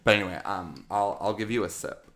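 A man's voice: fairly low pitch, a little fast, very noisy. A man co-hosting a podcast in casual chat, joking, laughing often and rambling with fillers. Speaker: podcast co-host.

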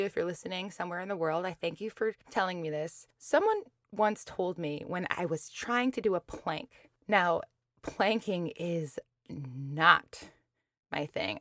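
A woman's voice: on the low side, fairly bright tone, no room sound, clean studio sound. A woman hosting a motivational talk show, telling a personal story in a chatty way, laughing often and acting out her own complaints. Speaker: podcast host.

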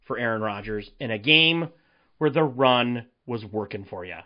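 A man hosting a solo sports podcast, ranting in an animated, exasperated way and firing off rhetorical questions. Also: fairly high pitch, measured pace, highs cut off. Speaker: podcast host.

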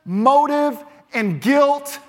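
A man preaching a sermon as pastor, emphatic, with lines that punch loud and then drop quiet. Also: extremely high pitch, animated, very slow. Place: church. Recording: long reverb of a large church hall.

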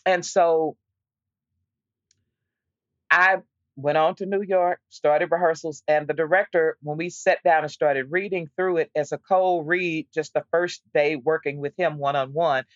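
A woman's voice: low voice, a little slow, no echo. Woman actor telling a story, lots of restarts, dry dull lo-fi sound. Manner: lively storyteller, frequent restarts and repeated words. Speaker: stage actor. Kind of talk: casual storytelling in an interview.

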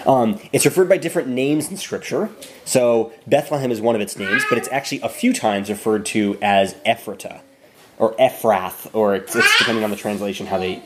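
A man's voice: on the low side, noisy background. Easygoing man leading a Bible study. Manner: relaxed, conversational, often restarts phrases. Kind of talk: informal Bible study talk. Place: room with a small group.

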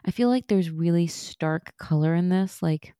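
Female podcast co-host, chatty recap voice, mellow, dry close sound. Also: lowish voice, moderate pace, dry recording. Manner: chatty, laughs often. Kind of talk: casual recap chat.

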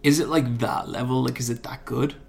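A man chatting loosely on a podcast, excitable and swearing casually as he tells stories. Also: medium pitch, brisk, gravelly, slight background noise. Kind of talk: casual chat.

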